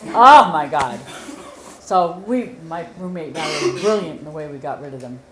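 A woman's voice: low-pitched, animated, moderate pace, roomy sound. A woman talking casually about dog training, explaining patiently and telling stories with animation. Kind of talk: casual chat.

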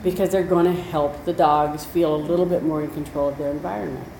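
Chatty woman dog expert, lower voice. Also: fairly even intonation, fairly quick, vocal fry, dark tone. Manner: chatty, with storytelling asides. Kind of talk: conversational explaining. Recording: roomy echo, faint noise.

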